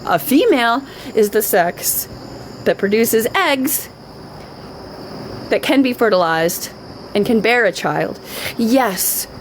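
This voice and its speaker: Animated woman ranting on a live stream. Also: on the high side, slow pace, long pauses, slight background noise, rough recording. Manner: emphatic, repetitive, profane. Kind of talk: unscripted live-stream rant.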